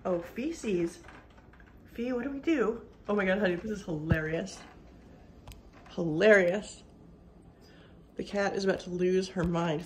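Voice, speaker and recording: A woman filming at home by a window, exclaiming excitedly, cooing baby talk and dropping into whispers. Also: medium pitch, moderate pace, pauses often, slight background noise. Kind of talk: casual home video commentary.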